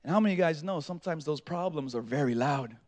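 A man in his thirties preaching a sermon in a church, telling a family story with animated swings between loud calls and hushed tones. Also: a little high, quick pace. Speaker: pastor. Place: church sanctuary.

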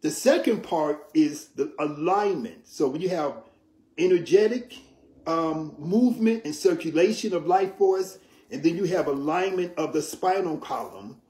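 A man's voice: a little high, animated, darkish tone. Teacherly man in a roomy echo. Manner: measured, teacherly, with frequent "right?" check-ins. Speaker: yoga teacher. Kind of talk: explanatory interview talk.

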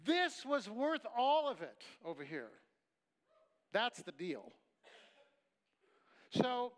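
A middle-aged man preaches at a camp meeting, his voice sitting high for a man. He talks to the crowd in an emphatic, conversational way and often drops into a quieter storytelling tone. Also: clear, resonant tone. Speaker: pastor. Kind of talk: sermon.

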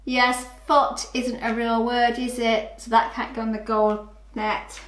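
A woman teaching young children phonics, sounding out letters clearly and asking them to join in. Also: a little high, level tone, a bit bright, echoey room. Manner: slow, sing-song, clearly sounds out letters. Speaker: early years phonics teacher.

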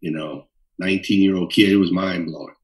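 Animated storytelling bassist with a low voice. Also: male voice, a little fast, recorded from a distance, low-quality recording. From Minnesota. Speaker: bassist guest. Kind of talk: storytelling interview.

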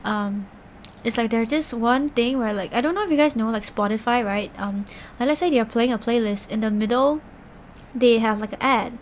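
Rambly streamer girl chatting with chat, kinda high voice, faint hiss behind. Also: normal speed. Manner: chatty, rambling, lots of fillers and laughs. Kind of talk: casual live-stream chat.

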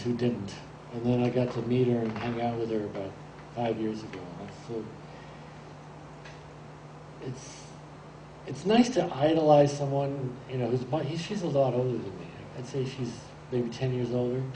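A man in his sixties giving a rambling, anecdotal talk about his photographs, halting now and then as he tells his stories. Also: mid-range voice. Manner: rambling storyteller, relaxed and halting. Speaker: photographer presenting his pictures. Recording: roomy echo, distant mic, faint hiss.

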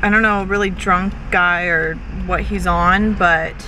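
A woman's voice: lowish voice, steady tone, a little slow. A young woman chatting casually to the camera from inside a car, rambling and filling her talk with "like" and "I don't know". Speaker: daily vlogger. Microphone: handheld camera held in the car. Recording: loud car noise behind.

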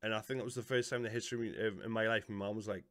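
A man's voice: lowish voice, steady tone, very fast. A man in his thirties with a Geordie accent, chatting casually as a reaction video host, laughing and swearing. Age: 30s.

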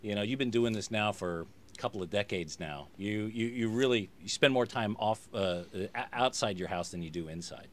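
A man's voice: on the low side, moderate pace. A man hosting a podcast interview, easygoing, laughing along and asking loose, rambling questions. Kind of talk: casual interview chat.

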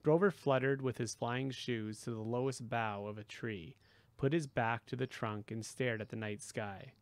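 Gravelly male audiobook narrator. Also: mid-range voice, normal speed, no room sound. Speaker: audiobook reader. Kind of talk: first-person audiobook narration.

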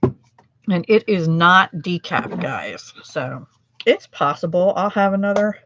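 A woman's voice: lowish voice, slow, fairly bright tone, highs cut off, slight background noise. A middle-aged American woman demonstrating card making on a livestream, chatting with viewers and laughing at her own mistakes. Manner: chatty, self-deprecating, laughs often.

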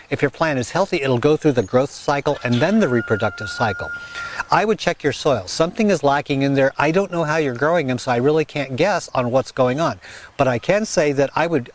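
Earnest man giving garden advice. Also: on the high side. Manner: earnest, folksy, direct advice with frequent "okay?". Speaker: gardening channel host. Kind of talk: casual advice talk.

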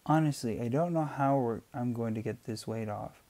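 A man's voice: mid-range voice, normal speed, mellow, close to an everyday voice. A man voicing an anxious, insecure woman of thirty who keeps raising worries. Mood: worried. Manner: worried, questioning.

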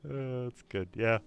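A man's voice: medium pitch, creaky, a little mellow, clean tone. A young Canadian man streaming a video game, joking around, laughing and swearing casually.

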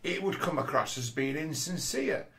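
A man's voice: on the high side, expressive, moderate pace, fairly bright tone. A middle-aged man, talking bluntly in a sweary casual monologue. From Rochdale, England. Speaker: commentator.

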